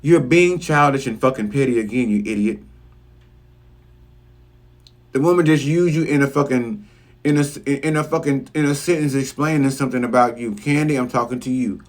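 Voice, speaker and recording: A man's voice: mid-range voice, normal speed. Profane, blunt man recapping TV. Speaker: reality TV commentator. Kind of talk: casual episode recap rant.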